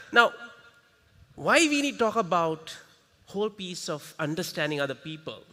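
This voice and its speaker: Lively Sri man in a hall. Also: fairly high pitch. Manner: lively, coaxes the audience, quick rhetorical questions. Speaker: workshop facilitator. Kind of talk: interactive workshop talk. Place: large conference hall. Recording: reverberant hall.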